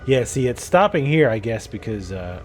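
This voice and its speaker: A man's voice: medium pitch, sing-song, moderate pace, a little hiss or hum. A man chatting casually as he plays a video game, musing aloud and laughing often. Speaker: gameplay video host. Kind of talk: casual gameplay commentary.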